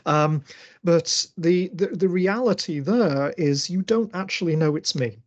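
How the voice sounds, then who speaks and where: A man's voice: fairly high pitch, unhurried, lo-fi sound. A man giving an online masterclass talk and answering questions on a video call, thinking aloud with many fillers and restarts. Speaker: lecturer.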